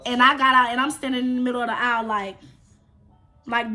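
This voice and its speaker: A woman telling a casual storytime tale, animated and profane, with fight sound effects. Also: fairly high pitch, quick pace, music in the background. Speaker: storyteller vlogger.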